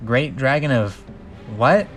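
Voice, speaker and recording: A man's voice: mid-range voice, animated, normal speed, fairly bright tone, soft background music, natural voice. A man voicing a frightened, bewildered young dragon. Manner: anxious, pleading.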